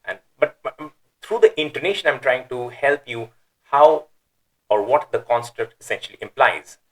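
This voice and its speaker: A man's voice: medium pitch, animated, normal speed, rough recording. Man patiently explaining, with emphatic intonation. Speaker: Quran teacher. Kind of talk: explanatory lecture.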